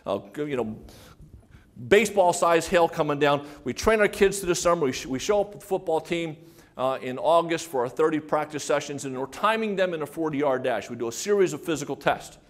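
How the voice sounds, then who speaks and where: This keynote comes from an older man whose voice is on the high side and a little fast. Selling motivation through stories, he acts out quoted characters and throws rhetorical questions at his listeners.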